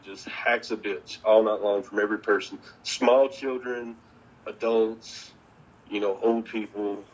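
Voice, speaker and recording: A man's voice: lowish voice, husky, dull audio. A man telling wrestling stories in a casual interview, swearing freely and laughing often as he talks. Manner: profane, laughing, animated storytelling.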